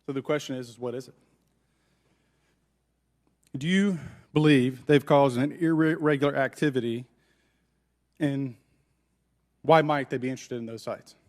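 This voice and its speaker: A man's voice: mid-range voice, measured pace, long pauses, a little mellow, big-room sound. A man, a congressman, questioning witnesses in a formal hearing, earnest and repeating words as he starts sentences. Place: large congressional hearing room.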